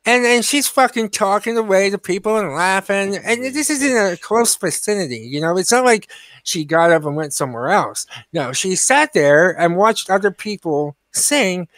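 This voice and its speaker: A man, a comedy podcast co-host, telling a long profane story in a ranting, animated way. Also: high voice, moderate pace, no echo.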